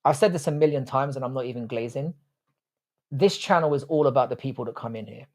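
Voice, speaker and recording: A man's voice: mid-range voice, fast, darkish tone. A man hosting a casual live stream, reading chat comments, talking bluntly with frequent swearing and rambling restarts. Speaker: livestream host.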